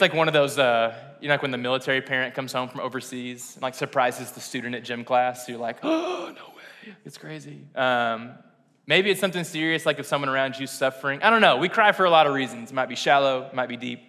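A man's voice: mid-range voice, quick pace, pushed and bright. A young man preaching a casual, conversational sermon, chatty and self-deprecating, often laughing at himself. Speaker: pastor. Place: church sanctuary. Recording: long reverb in a hall.

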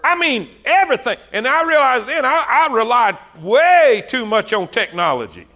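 Preacher guy, kinda high voice, bright and punchy, keeps repeating himself and getting fired up. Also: big pitch swings, moderate pace. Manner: fervent, repetitive, conversational. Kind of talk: sermon.

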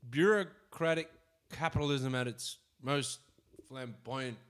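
A man's voice: medium pitch, a little slow, a bit bright, clean tone. A man co-hosting a podcast, rambling casually and swearing freely. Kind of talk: casual chat.

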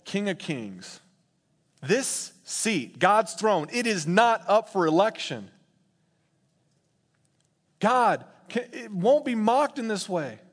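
A man preaching a sermon in an animated, laughing way, acting out quotes in playful voices. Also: high-pitched, slow, pauses often. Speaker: pastor.

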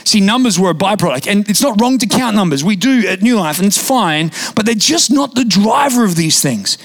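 A young man preaching a sermon in a church, telling stories in a lively, conversational way with casual fillers. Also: high-pitched, a little fast. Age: young adult. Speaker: pastor. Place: church auditorium.

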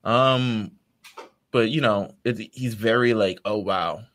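A man co-hosting a casual fan podcast, laid-back and quick to laugh as he retells scenes. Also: medium pitch, steady tone, a bit bright. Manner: laid-back, laughs often, acts out characters' lines. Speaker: podcast co-host.

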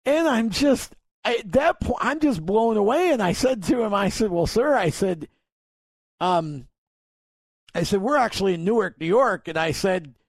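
High-voiced man telling a story. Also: animated, measured pace, long pauses, no echo. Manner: rambling, many restarts, acts out both sides of phone calls. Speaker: podcast host. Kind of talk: casual storytelling.

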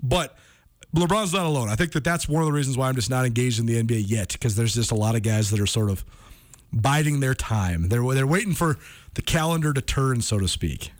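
A man hosting a sports radio show, talking in an energetic, chatty way. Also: medium pitch, fairly quick. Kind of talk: casual sports talk. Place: radio studio.

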